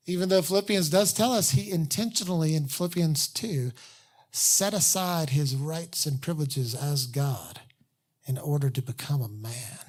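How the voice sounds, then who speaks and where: A pastor preaching a sermon in a candid, conversational way, with self-deprecating asides and slowed, earnest emphasis on key phrases. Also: mid-range voice.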